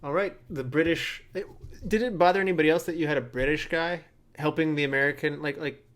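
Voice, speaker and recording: Guy cohosting a movie podcast, kinda higher voice, jokey, laughs a lot. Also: steady tone, fairly bright tone. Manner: joking, quick to laugh. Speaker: podcast co-host. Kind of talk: casual movie-podcast chat.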